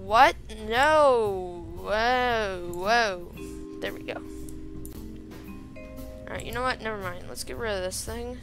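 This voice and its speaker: A woman who hosts a gaming channel provides let's-play commentary, her voice on the high side, moderately paced and full of pauses. Sitting at her computer, she chats to herself and thinks aloud as she builds, getting exasperated, while game music plays behind her.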